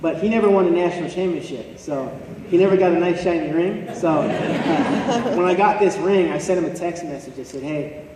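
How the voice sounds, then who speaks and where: A man's voice: sits high, moderate pace, crowd noise. A young man giving a motivational talk to an audience, telling a personal story earnestly with touches of self-deprecating humor. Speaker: motivational speaker. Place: large hall before an audience. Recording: echoey hall recorded from far off.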